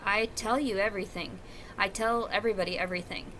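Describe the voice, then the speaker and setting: A woman's voice: mid-range voice, steady tone, fast, a bit bright, a little hiss or hum. A woman talking to camera at home in a rambling, profane, confessional monologue. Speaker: vlogger. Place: at home, indoors.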